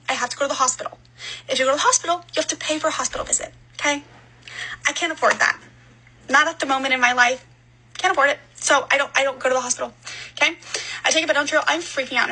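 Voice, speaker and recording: A woman telling a personal story in a casual storytime style, animated and exasperated. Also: high voice, poor audio.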